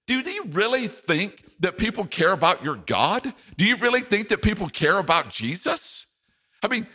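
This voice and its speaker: A man's voice: high-pitched, bright, forceful tone, pitched above the performer's own voice, full character voice. A man preaching as he voices a scornful enemy who mocks believers with taunting questions.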